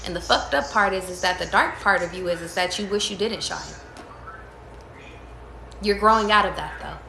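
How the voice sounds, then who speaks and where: A woman's voice: mid-range voice, normal speed, gravelly, sharp tone, echoey room, faint music behind. A woman giving casual tarot readings to her viewers, talking emphatically with lots of profanity, repeating and restarting her phrases. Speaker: tarot reader.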